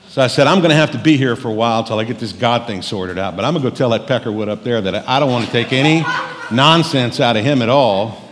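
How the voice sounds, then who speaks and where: A man's voice: mid-range voice, a bit bright. Middle-aged guy preaching, folksy and joking, big echoey church hall. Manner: folksy storytelling with jokes. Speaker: pastor. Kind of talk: humorous sermon. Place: church sanctuary. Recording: long reverb of a church hall.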